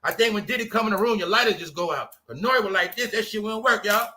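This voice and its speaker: A fast-talking New York man with a high, bright voice hosts a commentary show about celebrity gossip. Chatting casually and animatedly, he addresses the audience as "y'all" and does impressions of voices.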